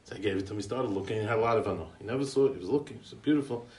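This eulogy comes from an American man who strings together anecdotes in a chatty way, sprinkling in Yiddish and Hebrew yeshiva vocabulary. He speaks very fast in a lowish, darkish voice, rambling, restarting, and chuckling as he goes. It's picked up by a distant mic in a roomy space.

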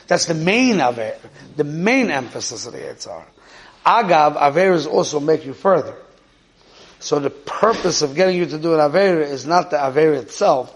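A man gives a Torah lesson in a husky voice pitched a little high. He explains step by step, restating each point so that his listeners follow it. His delivery is steady and instructional. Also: poor audio. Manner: explanatory, repeats key words, mixes Hebrew and Yiddish terms. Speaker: rabbi teaching a class.

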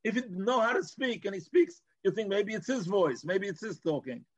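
A man's voice: high voice, expressive, normal speed, muffled recording. A man teaching a Torah class, explaining as he goes and mixing in Hebrew and Yiddish terms, with frequent restarts.

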